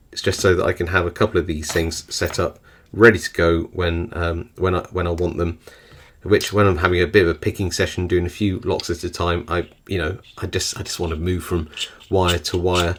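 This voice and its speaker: A man, hosting his own channel and giving a casual product review, easygoing and often pausing with ums and restarts. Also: low-pitched. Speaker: lock-picking channel host.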